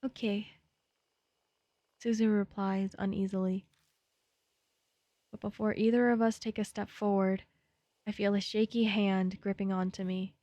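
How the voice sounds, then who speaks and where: A woman's voice: mid-range voice, level tone, a little slow, pauses often, warm tone, dry recording. Young female streamer, mid-range voice, playful chat and read-aloud game text, dry booth-like sound. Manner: playful and chatty, jittery when scared.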